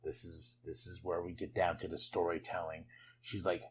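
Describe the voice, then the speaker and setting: A man hosting a podcast, recapping wrestling in a casual, excitable way with frequent laughs and chatty asides. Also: deep voice, normal speed, a little hiss or hum, rough recording. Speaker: podcast host.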